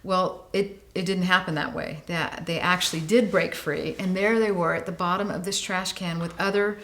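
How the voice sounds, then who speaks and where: A woman's voice: fairly low pitch, normal speed. A woman in her late forties, a guest on an interview show, telling a story with lots of feeling, her voice rising and dropping with the tale. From United States. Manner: animated, vivid storyteller, voice rising and falling with the tale. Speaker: guest, animal welfare advocate.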